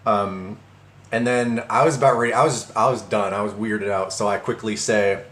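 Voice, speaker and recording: A man's voice: fairly low pitch, fairly even intonation, moderate pace, a bit bright, reverberant. A man telling a personal story in a casual monologue, rambling with frequent restarts and stammers.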